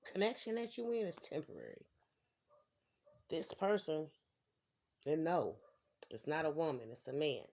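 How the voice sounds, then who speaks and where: A woman's voice: sits low, vocal fry, a little mellow. A woman giving a casual tarot reading to her viewers, rambling and repeating phrases for emphasis. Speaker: tarot reader.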